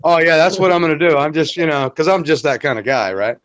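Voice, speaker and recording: A man's voice: on the high side, fast talker, a bit bright, clear, resonant tone. A man joining a casual livestream chat from his phone, laid-back and playfully boastful. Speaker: livestream guest.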